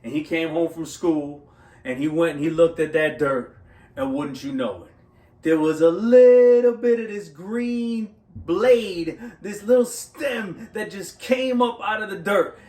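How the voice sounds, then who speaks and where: A man giving a motivational monologue, telling stories in an animated way and often checking in with "right?". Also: sits high, measured pace, reverberant, distant mic. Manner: animated storytelling with frequent "right?" tags. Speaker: motivational speaker.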